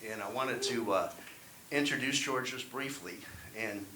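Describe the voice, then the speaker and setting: A man's voice: medium pitch, unhurried, sharp tone. A man performing a wry, self-deprecating stand-up set at an open mic. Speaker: stand-up comedian. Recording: echoey room, faint hiss.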